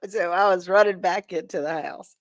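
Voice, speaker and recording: A woman hosting a casual live stream, telling animated stories in folksy words and laughing often as she greets viewers. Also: on the low side, moderate pace. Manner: folksy, homespun talk.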